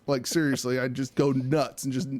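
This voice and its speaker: A man's voice: medium pitch, flat delivery, moderate pace, darkish tone. A man co-hosting a podcast, ranting angrily and swearing freely as he tells a story in casual chat. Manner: heated profane ranting storyteller. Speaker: podcast co-host.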